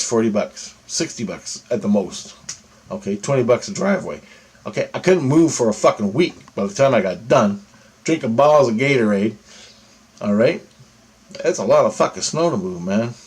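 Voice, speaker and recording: A man's voice: mid-range voice, husky. Rambling, foul-mouthed man telling a dream. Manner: heavy cursing, rambling, repeats "right?" and "okay?". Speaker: vlogger. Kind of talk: casual monologue recounting a dream.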